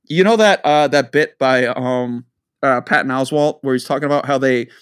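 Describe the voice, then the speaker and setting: A man co-hosting a casual podcast tells rambling, profane stories and voices the people in them. He has a mid-range voice and a smooth delivery at normal speed.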